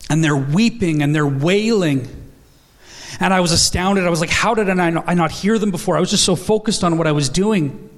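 A man's voice: high-pitched, fairly quick. A man in his thirties preaching an earnest, storytelling sermon, acting out the dialogue in his stories.

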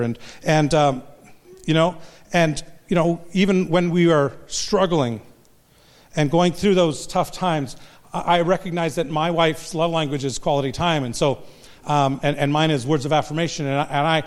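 An older man, a pastor and marriage counselor, giving a humorous, self-deprecating talk to a live audience. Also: a little high. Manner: self-deprecating, joking storyteller.

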